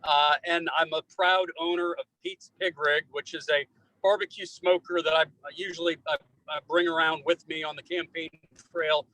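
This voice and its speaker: A man running for office, answering an interviewer's closing question in a folksy, emphatic way with lively anecdotes. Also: a little high, normal speed, poor audio. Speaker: political candidate.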